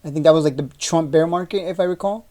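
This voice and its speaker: A man's voice: on the high side, fast talker, dark tone. Urgent, chatty man talking stock charts. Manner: urgent, repetitive emphasis with rhetorical questions; loose, chatty with frequent "uh" restarts. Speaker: stock market video host. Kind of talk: casual market analysis over a chart.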